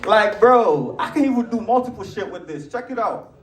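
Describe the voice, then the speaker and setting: A young man with a Nigerian accent doing a stand-up comedy set, animated and jumping into a high voice for acted quotes. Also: moderate pace. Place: large theater stage with live audience. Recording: roomy theater sound, distant mic, loud audience laughter.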